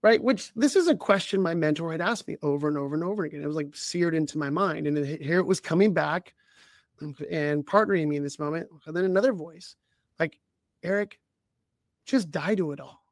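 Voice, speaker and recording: A man who coaches leaders and co-hosts a podcast. He tells a personal story in conversation, in a halting way with many restarts and frequent throat-clearing. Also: on the high side, dry recording, clean studio sound.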